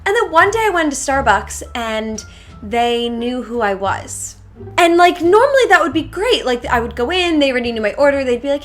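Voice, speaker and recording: A woman's voice: high-pitched, very animated, a little fast, faint music behind. A young woman telling a casual storytime to her channel from her bedroom, chatty and full of "like". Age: young adult. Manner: chatty, filler-heavy, lots of "like". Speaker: YouTuber.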